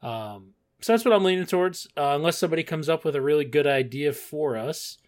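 A man co-hosting a casual movie podcast, with a fairly high voice. He talks in an animated way, laughing often and swearing casually. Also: fairly quick. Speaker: podcast co-host.

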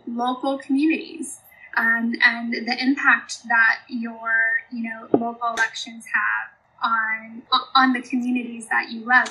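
Podcast guest: young American woman, faint Australian tinge, earnest and filler-heavy, bright tone, slightly high. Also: slight background noise, rough recording. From United States. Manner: earnest, many fillers like "you know" and "um". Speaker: business consultant guest. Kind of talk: podcast interview.

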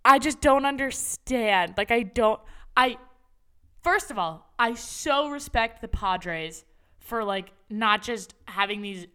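Young female podcast co-host, excitable, high-ish and bright, chatty and profane. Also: slow, clear, resonant tone. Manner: animated, swears freely, voice jumps high when excited. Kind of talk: casual sports chat.

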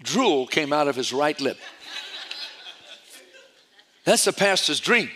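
A man's voice: on the high side, slow pace, slight background noise. A man preaching a sermon, telling stories animatedly and often repeating his words. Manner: animated storytelling with repetitions.

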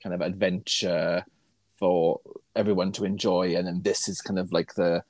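A man's voice: sits low, little pitch movement, moderate pace, darkish tone, no echo. A man co-hosting a casual podcast, talking in a thoughtful, musing way that trails off and restarts. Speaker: podcast co-host. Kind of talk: casual chat.

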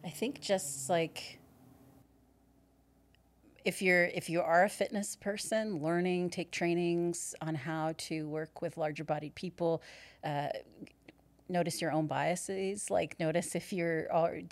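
A woman yoga instructor talking earnestly as a podcast guest, animated and laughing often. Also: on the low side, takes it slowly, dry recording. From Canada. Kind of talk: casual podcast interview.

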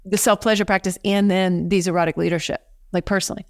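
A woman podcast host who asks her guest questions in a halting way, pausing as she looks for words. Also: fairly low pitch, steady tone, no echo, studio quality. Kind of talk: interview questions.

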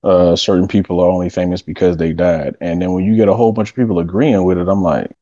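Man, deep dark voice, dull dry sound, slow argumentative casual chat. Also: steady tone, no echo.

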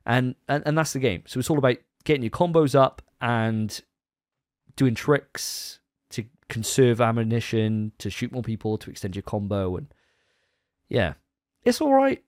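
A man's voice: mid-range voice, normal speed, no room sound, studio quality. A man co-hosting a gaming podcast, chatting casually and rambling with restarts. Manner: chatty, rambling, self-correcting. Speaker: podcast co-host. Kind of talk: casual chat.

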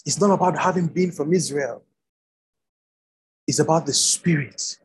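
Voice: mid-range voice, normal speed, pauses often, a little mellow, a little hiss or hum, poor audio. A preacher giving an online Bible teaching over a video call, repeating key words for emphasis.

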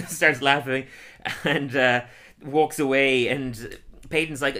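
A man casually recapping a cartoon episode, telling it with energy and laughing often as he slips into quick silly voices. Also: medium pitch, fairly even intonation, bright, forceful tone. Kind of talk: casual chat.

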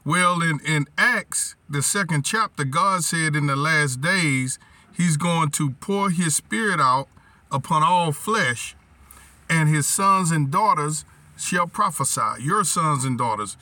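A man's voice: fairly high pitch, slow, bright, forceful tone, no room sound, distant mic. A man preaching a weekly teaching sermon, quoting scripture, repeating lines for the congregation to say back, and stumbling over words as he searches for verses. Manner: repetitive, call-and-response, scripture quoting; restarts and stumbles while thinking. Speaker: pastor.

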